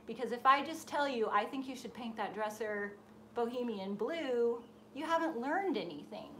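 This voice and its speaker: A woman hosting a live stream for her design group, telling a personal story in a casual, animated way. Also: fairly high pitch, moderate pace, slight background noise. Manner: animated storyteller, acts out voices in her anecdotes. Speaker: host of a painting and design group. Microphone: live stream setup.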